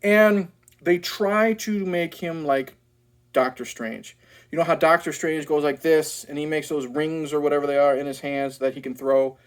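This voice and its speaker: A man's voice: on the high side, normal speed. A man ranting in a casual movie review, blunt, profane and sarcastic.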